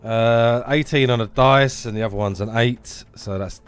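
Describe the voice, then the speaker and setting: A man's voice: medium pitch, normal speed, clear, resonant tone. A man playing a tabletop game, thinking aloud casually as he rolls dice. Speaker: player.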